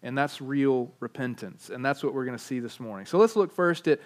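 A man's voice: medium pitch, animated, brisk. A man preaching a sermon, emphatic and repetitive, with frequent restarts. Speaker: pastor.

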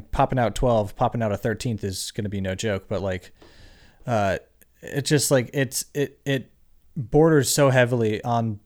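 A man's voice: lowish voice, a little mellow. A man co-hosting a podcast, talking casually and hesitantly with many fillers. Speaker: podcast co-host. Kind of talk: casual chat.

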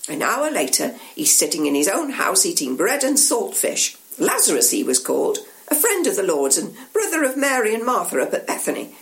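A woman's voice: mid-range voice, huge pitch swings, normal speed, vocal fry, hardly any pauses. A woman voicing a village local who earnestly tells a miracle story like neighbourhood gossip. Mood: awed. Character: awed local man telling a miracle.

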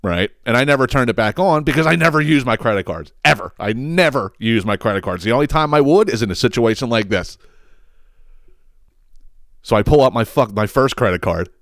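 Male podcast host telling a long story, swears constantly, restarts his sentences, smooth and clear voice, dry close sound. Casual and rambling. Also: medium pitch, animated, fairly quick, fairly bright tone, dry recording. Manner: profane, rambling, self-interrupting, laughs at own story.

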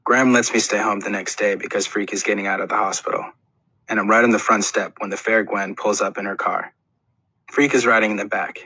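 Husky-voiced man narrating an audiobook. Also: on the low side, pushed and bright, no echo, low-quality recording. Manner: earnest, plain storytelling. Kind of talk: first-person audiobook narration.

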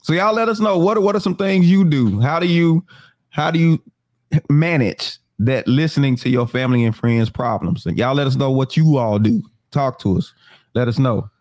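A man co-hosting a casual talk show, expressive and quick to laugh, asking questions and inviting the audience to respond. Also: medium pitch, no echo, clean studio sound. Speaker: podcast co-host. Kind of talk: casual chat.

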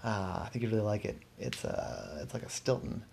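A man's voice: fairly low pitch, brisk, gravelly, slightly rough, exaggerated voice. A man voicing a friendly, easygoing male cheesemonger. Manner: relaxed, eager to please.

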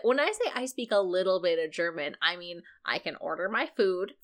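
A woman from the United States chatting casually as a podcast co-host, telling animated stories and acting out the people in them. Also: lowish voice, a little fast. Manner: animated storyteller, acts out quotes with laughter. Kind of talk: casual chat.

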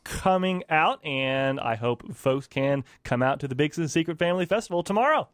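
A radio host with a fairly high male voice interviews a guest in a dry, close-miked studio. He stumbles over his words and keeps answering with short, eager affirmations. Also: lively intonation, normal speed, fairly bright tone, no echo. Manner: stammering, encouraging interjections.

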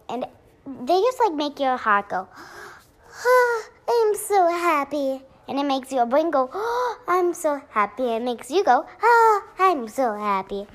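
A young woman hosting a casual solo podcast, rambling through her thoughts with many fillers and restarts and playful sound effects. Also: sits high. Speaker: podcast host.

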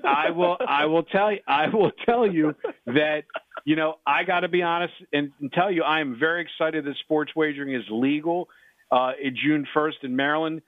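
A man's voice: on the high side, normal speed, no room sound. Middle-aged man rambling over a phone line. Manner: rambling, repeats himself, many restarts. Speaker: sports betting handicapper, radio guest. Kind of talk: sports radio chat.

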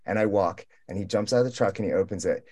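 A man's voice: on the low side, quick pace, darkish tone. A young man telling a long travel story in casual roundtable talk, rambling and profane, acting out the people he met in quoted lines. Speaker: roundtable guest.

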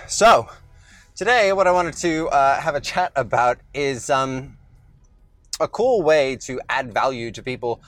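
A man's voice: mid-range voice, a bit bright. A man hosting his own podcast in a loose, conversational way, slightly out of breath after the gym, with lots of fillers and restarts. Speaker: podcast host. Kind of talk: casual solo podcast talk.

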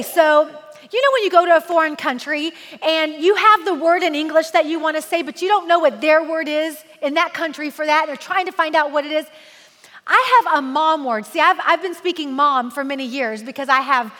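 A woman in her forties preaching a sermon, lively and joking, slowing down to read scripture aloud solemnly. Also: high voice, in a large hall. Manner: animated and humorous, slow solemn scripture reading. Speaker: women's ministry speaker.

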